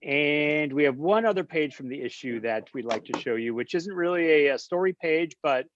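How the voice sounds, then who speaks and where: A man moderating a casual panel chat, upbeat, brisk and guiding. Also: on the high side, expressive, background noise. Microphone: video call. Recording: dull lo-fi video call audio.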